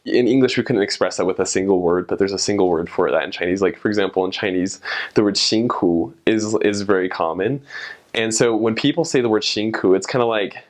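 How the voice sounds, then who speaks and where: A young man speaks in a casual, unscripted way. His voice sits fairly low, and he wanders through his points with plenty of "like" and "you know". He often restarts his sentences. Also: fast talker. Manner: relaxed, rambling, many fillers and restarts. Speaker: vlogger. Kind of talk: casual explanatory talk.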